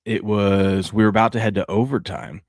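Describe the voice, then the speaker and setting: Low-ish guy on a sports podcast, rambly excited storyteller, dry close sound. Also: moderate pace, dry recording. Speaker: podcast co-host. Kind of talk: casual sports chat.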